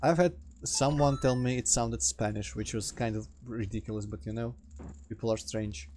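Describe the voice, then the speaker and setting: A man's voice: medium pitch, steady tone, normal speed, slight background noise. Rambling man with a Russian accent. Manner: rambling, self-interrupting, reacts loudly to the game. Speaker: let's play host. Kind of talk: casual gameplay commentary.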